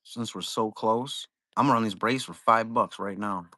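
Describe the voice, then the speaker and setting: A man's voice: fairly low pitch, normal speed, bright, forceful tone, no echo. A young man hosting a live card-break stream, chatting casually in a rambling, profane way.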